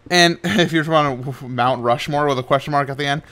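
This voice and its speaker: A young man hosting a gaming channel, chatting casually over his gameplay in a rambling, playful way, laughing often and trailing off quietly. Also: a little high, brisk. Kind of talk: casual Minecraft commentary.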